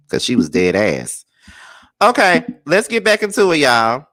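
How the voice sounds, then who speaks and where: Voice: mid-range voice, wildly swooping pitch, measured pace, a bit bright. A reaction video host giving dramatic, gossipy, sassy commentary.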